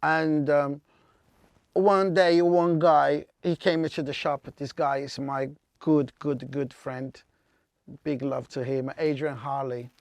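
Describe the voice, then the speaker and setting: Man from Brazil, high gravelly voice, dry close mic, lively storytelling. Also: takes it slowly, no room sound. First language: Portuguese. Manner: animated, acts out quotes with big jumps in pitch. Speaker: DJ, podcast guest. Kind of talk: casual storytelling.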